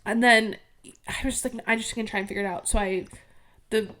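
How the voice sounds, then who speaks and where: A woman's voice: fairly high pitch, steady tone, fast, pushed and bright. A young woman co-hosting a podcast in casual chat, a chatty storyteller who acts out her own quotes. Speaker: podcast co-host.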